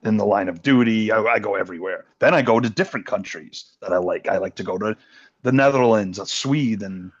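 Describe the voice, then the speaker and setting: A man's voice: on the low side, fairly quick, dull audio. A man co-hosting a podcast, chatting casually about TV shows, rambling with restarts and laughing easily. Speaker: podcast co-host. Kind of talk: casual chat.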